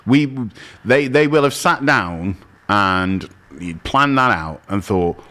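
A man's voice: medium pitch, animated, slow pace, pushed and bright, smooth. A man co-hosting a radio show, telling a story with lots of laughter and restarts. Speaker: radio co-host. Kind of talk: casual radio banter.

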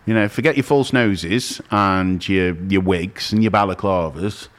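Low-voiced radio guy rambling thru a funny story, laughing a lot. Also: measured pace. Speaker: radio co-host. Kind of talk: casual radio banter.

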